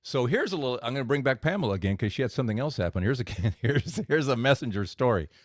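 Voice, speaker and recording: A man hosting a faith podcast, retelling stories and explaining scripture in a relaxed, explanatory way. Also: mid-range voice, fast, dry recording, studio quality. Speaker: podcast host. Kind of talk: faith podcast storytelling and commentary.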